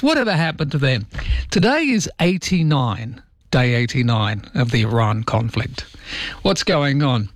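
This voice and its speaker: A man's voice: medium pitch, sing-song, measured pace, no echo. A man hosting a morning show, talking casually with wry, mock-dramatic asides. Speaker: show host.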